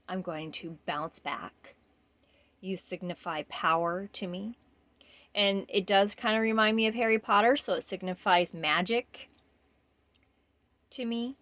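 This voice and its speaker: A woman with a fairly low voice leads a guided mirror exercise, talking gently and earnestly. She often pauses, restarts and fills gaps as she goes. The sound is dry and close, with no room around it. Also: no echo. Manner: gentle, earnest, halting with fillers. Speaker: self-care guide.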